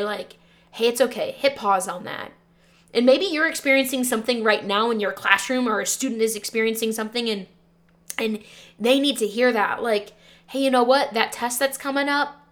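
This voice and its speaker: A young woman who teaches and hosts a podcast, recounting a hard time from her own life. She talks in an earnest, emotional way and often says "like". Her voice sits at a middle pitch. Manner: earnest, emotional, frequent "like" fillers. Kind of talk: personal storytelling podcast.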